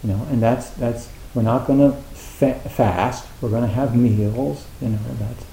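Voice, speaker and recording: Gravelly Zen teacher rambling in an echoey hall. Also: male voice, medium pitch, unhurried, dark tone, slight background noise. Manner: rambling, many fillers and restarts. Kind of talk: informal Dharma talk to a meditation retreat. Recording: echoey room.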